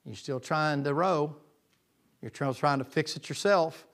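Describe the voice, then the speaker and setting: A man preaching a sermon in a folksy way, swinging from loud passages to hushed whispers. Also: on the high side, unhurried. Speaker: pastor.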